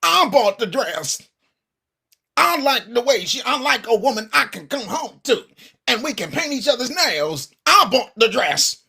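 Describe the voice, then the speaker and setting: A man putting on an exaggerated, slow and mocking impression of a male pastor. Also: very high voice, sing-song, creaky, bright, forceful tone, husky, pitched above the performer's own voice, full character voice.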